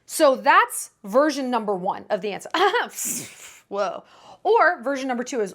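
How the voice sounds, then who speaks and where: Young woman, fairly high voice, emphatic, dramatic, casual commentary. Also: very animated, a little slow, fairly bright tone. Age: young adult. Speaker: vlogger giving dating advice.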